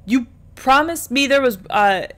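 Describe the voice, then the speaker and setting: Brief: whiny wronged schoolboy, voiced by a woman, slightly raised pitch. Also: animated, measured pace, a bit bright. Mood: aggrieved. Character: whiny middle school boy, aggrieved.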